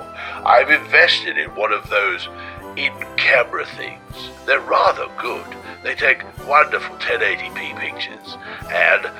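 A man's voice: mid-range voice, bright, forceful tone. A man playing a grumpy, sarcastic Santa in a comic radio sketch, with dry, swearing asides. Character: grumpy middle-aged Santa, cheerfully sarcastic.

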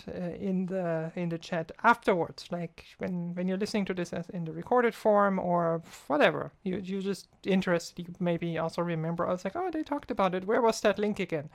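A woman co-hosting a casual tech podcast, chatty and laughing often as she explains things. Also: lowish voice. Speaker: co-host.

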